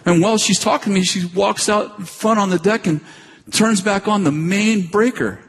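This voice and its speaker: A man in his sixties preaching, telling a personal story earnestly and haltingly, with many restarts. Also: sits high. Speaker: pastor. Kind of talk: sermon storytelling. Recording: long reverb, faint noise.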